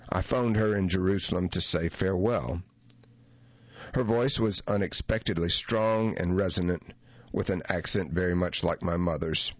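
Deep-voiced man narrating a reflective memoir. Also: no room sound, highs cut off. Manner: measured, reflective first-person reading. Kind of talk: audiobook narration of a memoir essay.

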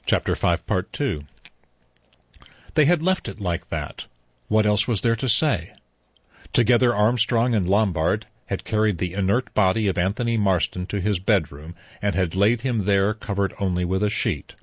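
Low, husky male audiobook narrator. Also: dry recording. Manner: measured storytelling. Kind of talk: scripted narration. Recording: dull lo-fi audiobook recording.

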